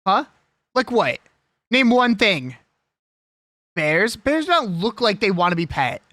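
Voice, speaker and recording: Streamer, casual live chat, jokey and combative, animated delivery, dry sound. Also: mid-range voice, slow pace, long pauses, dry recording. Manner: ranting, swearing, argumentative; rambling, jokey.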